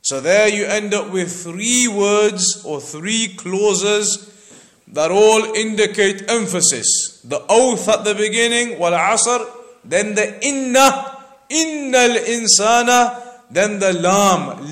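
A man with a fairly high voice teaching a verse-by-verse religious lesson. He speaks slowly and deliberately, circling back to repeat each key point for emphasis. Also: lively intonation, fairly bright tone. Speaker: Islamic teacher. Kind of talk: Quran explanation lecture.

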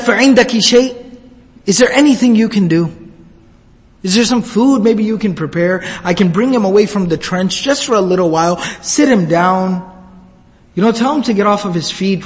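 A man preaching a sermon, telling a story and reciting Arabic quickly before explaining it in English. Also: sits high, in a large hall. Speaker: Islamic preacher.

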